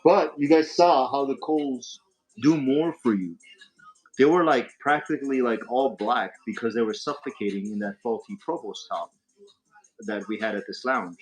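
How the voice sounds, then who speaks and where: A man's voice: mid-range voice, low-quality recording. A man hosting a casual livestream from a lounge, rambling with lots of fillers and restarts. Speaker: livestream host. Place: hookah lounge.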